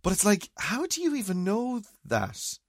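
A man, co-hosting a casual chat and telling rambling, animated stories full of restarts. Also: high voice, moderate pace, dry recording, clean studio sound. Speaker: podcast co-host.

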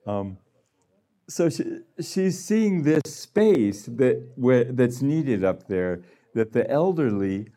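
A man's voice: mid-range voice, very animated, slow, warm tone. A man giving a conversational sermon to a gathering, laughing often and acting out little voices. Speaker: healing room director speaking.

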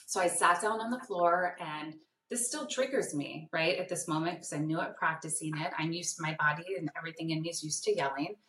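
A woman parenting coach answering interview questions in a lively way, acting out the voices in her stories. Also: deep voice, a little fast, hardly any pauses. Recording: echoey room, distant mic.

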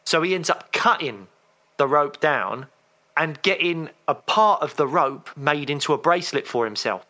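Chatty man with a bright voice. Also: on the high side, moderate pace. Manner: chatty storyteller, animated. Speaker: podcast co-host. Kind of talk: casual chat.

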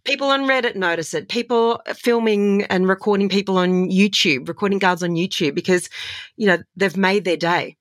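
In a conversational interview, a voiceover artist and voice coach with an Australian accent shares enthusiastic, animated stories and laughs. She speaks at medium pitch and a moderate pace, with studio-quality sound and no room noise.

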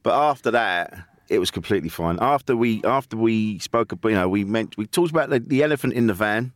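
A man's voice: on the low side, animated, brisk, no echo. A man hosting a podcast in casual chat, chatty and swearing freely, with many restarts. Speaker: podcast host.

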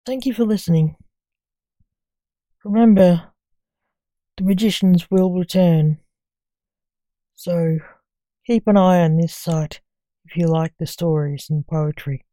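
A woman reading her short story aloud, slow and deliberate. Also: fairly low pitch, warm tone, no echo.

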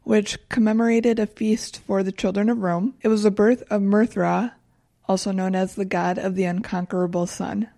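A young woman calmly walks through her research in a casual chat, matter-of-fact with a dry wit. Her tone is mellow and warm, and the recording is close and dry. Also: mid-range voice, normal speed, vocal fry, no echo. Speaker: podcast co-host presenting research. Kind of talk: casual chat, reading facts.

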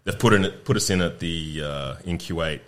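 A man with a very low, deep voice chats casually as a podcast guest, speaking a little fast. He recounts grim stories in a relaxed, profane style, laughing easily as he goes.

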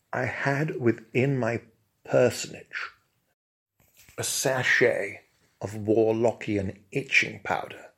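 Man, pompous comic narration, slow and deliberate. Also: fairly low pitch, a bit bright. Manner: pompous, mock-grand storytelling. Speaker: comic storyteller.

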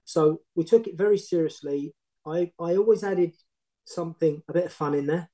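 A middle-aged man, a former football manager, telling long animated anecdotes in casual podcast chat with many restarts. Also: a little high, normal speed, rough recording. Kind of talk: casual storytelling.

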